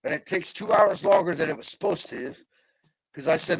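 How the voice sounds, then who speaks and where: A middle-aged man on a live video call, venting in a heavily profane rant that swings between calm and yelling. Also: a little high, moderate pace, slightly rough, no echo. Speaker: panel guest. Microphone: video call mic.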